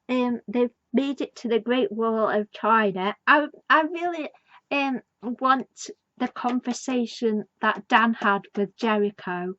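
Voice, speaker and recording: Slow, rambling woman fan. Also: on the high side, a bit bright, muffled recording. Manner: rambling, enthusiastic, many fillers. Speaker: TV show reviewer. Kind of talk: casual fan review.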